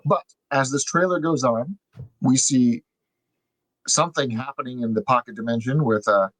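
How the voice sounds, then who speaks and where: Young male podcast co-host at a middle pitch, chatty and filler-heavy, on a close, dry mic. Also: moderate pace, no room sound, low-quality recording. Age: young adult. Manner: chatty, lots of fillers, animated explaining. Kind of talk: casual podcast chat.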